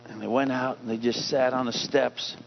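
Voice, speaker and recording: A man's voice: mid-range voice, fairly even intonation, normal speed, vocal fry, a little hiss or hum. A man preaching a sermon as pastor, emphatic, putting questions to his congregation. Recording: dull lo-fi recording.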